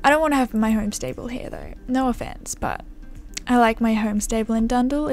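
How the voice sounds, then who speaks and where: A woman's voice: on the high side, a little fast, a little mellow, faint music behind. A woman gaming YouTuber giving gameplay commentary, bubbly and gushing, often saying "like" and "oh my god", into a desktop microphone.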